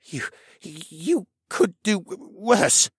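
A gravelly, husky bird-creature prisoner, put on by a male audiobook narrator, swinging from sneers to stammering pleas. The voice sits high and swoops widely. The sound is dry and close, with no room. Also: big pitch swings, moderate pace, fairly bright tone, no room sound, exaggerated voice. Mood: desperate. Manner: sneering, then pleading and stammering. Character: battered male bird demi-human prisoner, bitter and desperate. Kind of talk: audiobook character voice.

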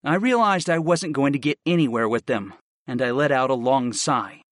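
A man narrating a fantasy audiobook in the first person, telling it in a steady, expressive way. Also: mid-range voice, normal speed, dry recording, studio quality.

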